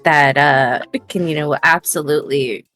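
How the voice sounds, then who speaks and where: Animated woman player. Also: low-pitched, moderate pace, soft background music. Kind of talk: tabletop role-play, casual.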